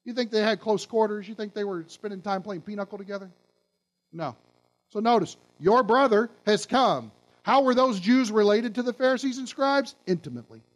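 High-voiced male preacher. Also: fairly quick. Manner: emphatic, questioning the audience. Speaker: pastor. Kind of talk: sermon.

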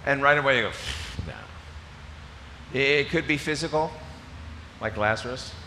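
A middle-aged man from Maryland preaching a sermon, an animated storyteller who tosses in joking asides. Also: mid-range voice, brisk. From Maryland, USA. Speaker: pastor. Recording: reverberant hall, faint hiss.

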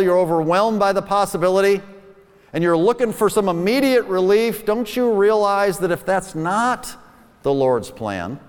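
A man's voice: fairly high pitch, clear, resonant tone, big-room sound. A man preaching a sermon in a conversational style, asking rhetorical questions and quoting scripture.

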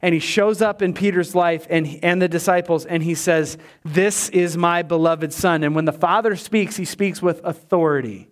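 Guy preaching a sermon, pretty high voice, gets loud then goes quiet on the big points. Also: moderate pace, few pauses. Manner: animated preaching, swings between loud and hushed. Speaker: pastor.

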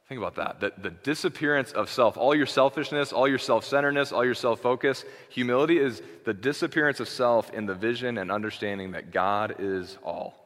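A man's voice: medium pitch, fairly bright tone, in a large hall. A male pastor preaching a sermon in a conversational way, checking in with "okay" and restarting phrases.

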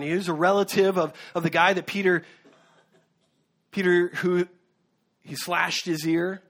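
An earnest male pastor preaching a sermon in a slightly higher voice than most men. He speaks with some fillers and self-corrections, pressing his points home. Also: steady tone, a little slow, fairly bright tone.

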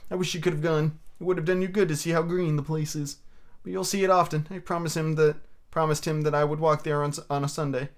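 A man doing a higher, gentle Victorian father. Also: flat delivery, fast talker, natural voice. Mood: tender. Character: gentle grieving Victorian father, Bob Cratchit.

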